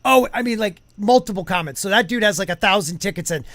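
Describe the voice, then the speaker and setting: A man with a notably high voice hosts a casual streamed podcast. He rambles, restarts his sentences and reads viewer comments aloud, and the sound is close and dry. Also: animated, fast, fairly bright tone, no echo. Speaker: podcast host. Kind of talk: casual live-stream chat.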